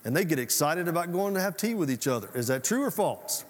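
A man's voice: sits high, animated, fairly quick, few pauses. A man preaching a sermon as pastor, folksy and conversational, often asking the congregation questions. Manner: folksy, conversational preaching with audience call-outs. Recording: reverberant hall sound.

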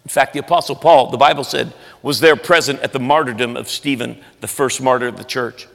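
A man pastor preaching a sermon in a church, earnest and emphatic, sometimes dropping soft. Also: medium pitch, a little fast, vocal fry. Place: large church sanctuary. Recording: echoey church hall.

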